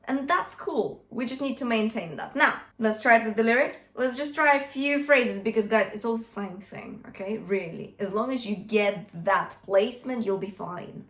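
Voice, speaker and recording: A woman's voice: a little high, moderate pace, hardly any pauses, fairly bright tone. A woman vocal coach teaching a singing lesson, talking through technique and singing short demonstrations, checking in with "yeah?" and "okay?" as she goes. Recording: echoey room.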